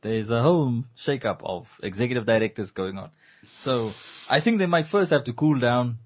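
A man's voice: mid-range voice, expressive, normal speed, slight background noise. A man from Namibia co-hosting a casual radio talk show in a joking, teasing way. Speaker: co-host.

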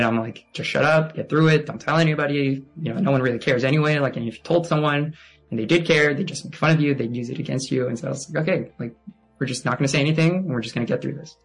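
A young man giving a halting, subdued personal testimony, full of fillers and often sinking to a near hush. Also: medium pitch, husky, rough recording. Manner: halting and hesitant, heavy with fillers.

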